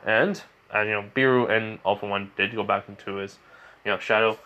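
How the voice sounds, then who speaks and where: A man's voice: on the low side, steady tone, fairly quick, highs cut off. A young man improvising a fan fiction story aloud, rambling with many fillers and restarts.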